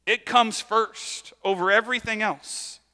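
A man delivers a sermon in a relaxed, chatty way, slipping into playful voiced asides. His voice sits high and sounds bright and forward. A long hall reverb trails behind him. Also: measured pace. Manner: casual, conversational preaching with lively voiced asides. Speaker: pastor.

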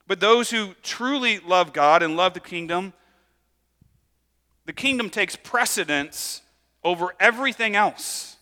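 A man delivers a sermon in a relaxed, chatty way, slipping into playful voiced asides. His voice sits high and sounds bright and forward. A long hall reverb trails behind him. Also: unhurried. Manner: casual, conversational preaching with lively voiced asides. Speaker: pastor.

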